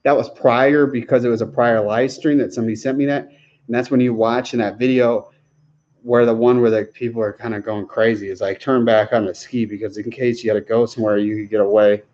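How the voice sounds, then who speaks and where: A man's voice: mid-range voice, flat delivery, brisk, darkish tone, lo-fi sound. A man chatting casually on a livestream Q&A, rambling, chuckling often and restarting his sentences. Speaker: livestream host answering viewer questions.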